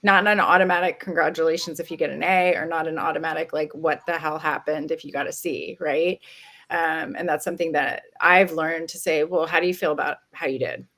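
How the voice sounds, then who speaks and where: Low, gravelly woman on a webinar. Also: fairly even intonation, brisk, fairly bright tone. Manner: chatty, repeats words, acts out quoted dialogue. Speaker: webinar panelist, parent. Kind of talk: casual webinar discussion.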